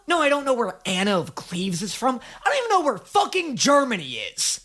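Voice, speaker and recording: A man hosting a casual reaction video, excitable, crude and self-mocking. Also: extremely high pitch, normal speed, few pauses.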